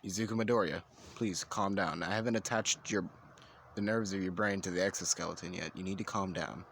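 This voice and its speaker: A man's voice: low-pitched, steady tone, fairly quick, vocal fry, a bit bright, a little hiss or hum. Man doing a firm, patient male doctor. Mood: insistent. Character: calm, insistent male doctor.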